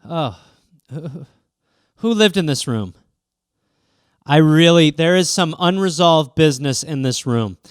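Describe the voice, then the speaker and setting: Comedian guy riffing on his podcast, bouncy high voice, smooth and clear. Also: takes it slowly, long pauses, no room sound, clean studio sound. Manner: animated, swears, slips into voices.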